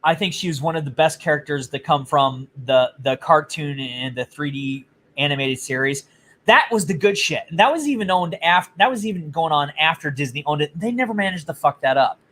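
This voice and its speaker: A man's voice: a little high, lively intonation, brisk, a bit bright. A man co-hosting a casual chat, telling stories in a blunt, profane way. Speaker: podcast co-host.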